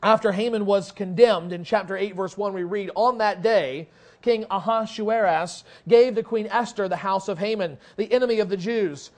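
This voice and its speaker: A man delivers a sermon in a fairly high voice, reading scripture aloud with dramatic weight. Between readings he explains the text in a looser, conversational way with small restarts. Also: moderate pace, a little mellow. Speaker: preacher.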